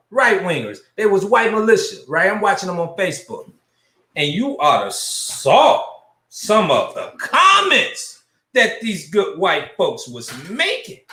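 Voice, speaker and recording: A middle-aged male host delivers blunt, profane livestream commentary and greets viewers by name. His voice sits high and sounds bright and forceful. The sound carries an echoey room. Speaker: show host.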